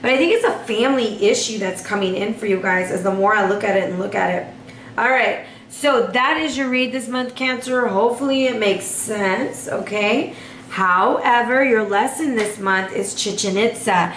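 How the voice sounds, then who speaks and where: A woman's voice: medium pitch, moderate pace, a bit bright. A woman giving a chatty, sassy tarot reading straight to her viewers. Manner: chatty and sassy, lots of fillers. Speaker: tarot reader. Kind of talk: casual tarot reading to camera. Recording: echoey room with faint noise.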